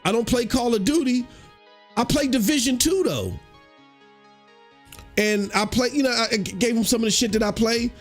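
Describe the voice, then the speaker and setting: This man's voice is extremely high, his pace moderate with frequent pauses, and soft music runs underneath. Hosting a laid-back gaming podcast, he spins stories in slang, swears freely, and raises his voice to perform quotes.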